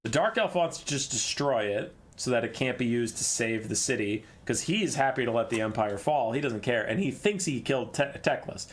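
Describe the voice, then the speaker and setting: A man's voice: medium pitch, animated, moderate pace, hardly any pauses. A man hosting his channel, casually summarizing a fantasy novel in a rambling, irreverent, swearing style. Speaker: channel host.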